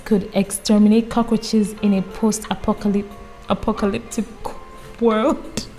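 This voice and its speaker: A woman reading a book aloud in a calm, casual way, often stopping to add her own amused comments. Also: medium pitch, poor audio. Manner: reads calmly, breaks off for amused personal comments. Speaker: audiobook reader. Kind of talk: casual read-aloud with chatty asides.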